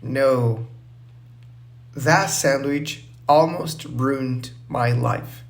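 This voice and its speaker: A man's voice: mid-range voice, very slow. A man voicing a nervous, hungry young man flying for the first time, read plainly in a storybook. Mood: dismayed.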